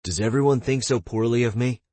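A man's voice: mid-range voice, fairly quick, darkish tone, dry recording, voice pushed up, natural voice. A man voicing a dejected young man who mumbles hollowly.

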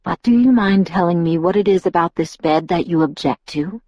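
A woman doing a restrained young man in an audiobook, speaking low and hushed in a measured, gently reproving way. The voice is dry and close, with no room around it. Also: no echo, highs cut off, natural voice. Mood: teasing. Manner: quiet, measured, softly chiding. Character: restrained cool-handed young male lover. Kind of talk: audiobook narration.

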